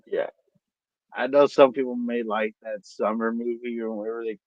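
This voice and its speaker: A man chatting on a stream in a halting, blunt way, often repeating words. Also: medium pitch, steady tone, no echo. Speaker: guest on a watch-party stream. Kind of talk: casual livestream chat. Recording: dull lo-fi mic.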